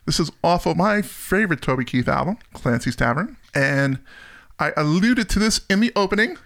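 A chatty man with a slightly high, gravelly voice talks through his picks in a relaxed podcast conversation. He laughs often and keeps an easygoing tone. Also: moderate pace. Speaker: podcast co-host. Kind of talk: casual chat.

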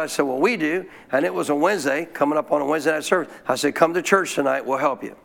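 A male pastor telling a story in a sermon, folksy and animated, often clearing his throat. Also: fairly high pitch, fast, few pauses.

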